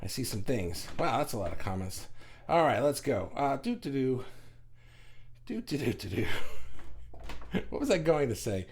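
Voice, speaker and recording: A middle-aged man from New York hosting a livestream in a fast, rambling and animated way, reading viewer comments aloud. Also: slight background noise. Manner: fast, animated and rambling, with big pitch jumps. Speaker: group host reading comments. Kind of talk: casual livestream chat.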